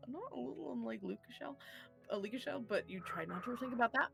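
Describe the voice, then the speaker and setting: A woman's voice: on the high side, expressive, fast, vocal fry, fairly bright tone, soft background music. A woman running a tabletop game as dungeon master, narrating in a rambling way with many fillers. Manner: rambling, full of fillers and laughs.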